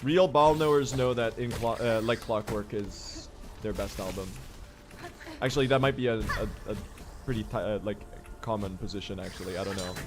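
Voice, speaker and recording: Young guy streamer talking over his run, swears a lot, yells when it gets tense, music going behind him. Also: on the low side, moderate pace. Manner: excitable, swears, jokes with chat, bursts of shouting. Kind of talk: casual livestream commentary while gaming.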